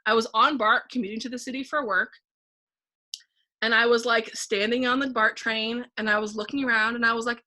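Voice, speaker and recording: A woman guest on a relaxed conversational podcast, with a bright, forceful voice pitched a little high. She tells her story with lively energy, replays her inner thoughts aloud and leans often on "like". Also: brisk. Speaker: podcast guest, painting facilitator.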